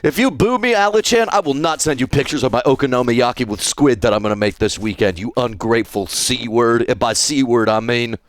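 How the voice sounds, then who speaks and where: A man's voice: mid-range voice, a little fast, hardly any pauses, slight background noise. A man streaming live, chatting casually and jokily with his chat. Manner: playful, jokey, talks to chat.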